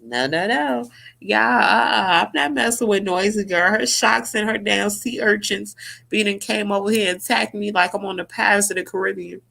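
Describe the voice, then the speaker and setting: A woman chats through a casual commentary vlog in a bright, forceful voice. She is loud and profane, talks straight to her viewers as y'all, and keeps breaking into high shrieking laughter. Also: normal speed, vocal fry. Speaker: YouTube commentary vlogger.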